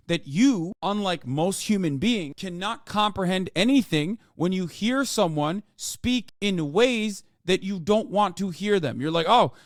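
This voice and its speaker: A man's voice: fairly high pitch, no room sound, studio quality. A man streaming, scolding and mocking his chat in heated, profane commentary. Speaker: streamer reacting to a clip.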